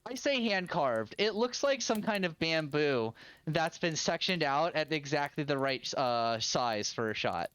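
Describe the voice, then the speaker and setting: A game master describing a fantasy scene at an unhurried pace. The narration circles back and rephrases as it goes, in an easy, loose way. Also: medium pitch, very animated, fairly bright tone, clean tone, no room sound. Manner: narrates with many fillers and restarts.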